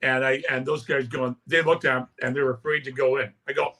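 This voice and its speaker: A man's voice: mid-range voice, flat delivery, fairly quick, pushed and bright. A man in his sixties from Canada, telling rambling anecdotes in a casual interview and often tagging his lines with "right?". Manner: rambling anecdotes with many "right?" tags and acted-out quotes. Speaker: interview guest, punk musician.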